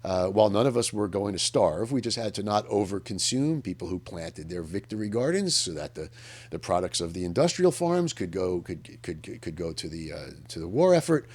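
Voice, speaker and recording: Earnest low-voiced man commentating. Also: lively intonation, moderate pace, a little mellow, breathy edge. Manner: earnest, emphatic, thinks aloud with frequent restarts. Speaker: radio host. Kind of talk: public affairs commentary monologue.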